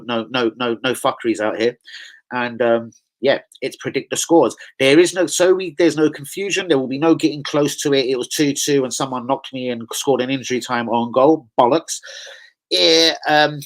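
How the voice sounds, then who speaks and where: A man hosting a casual vlog, talking straight to his viewers in animated, streetwise slang and swearing as he rants. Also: mid-range voice, poor audio. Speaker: channel host.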